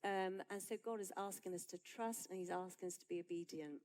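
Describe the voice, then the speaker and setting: A woman pastor, preaching a sermon in a conversational, lively way that builds to emphatic peaks. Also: on the low side, fairly quick, a little hiss or hum, low-quality recording.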